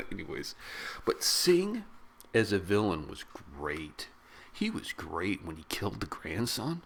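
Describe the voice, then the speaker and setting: A middle-aged man reviewing a movie in a casual, rambling, excitable way, full of slang. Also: low voice, unhurried, gravelly, husky. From of British descent. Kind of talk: casual spoken film review.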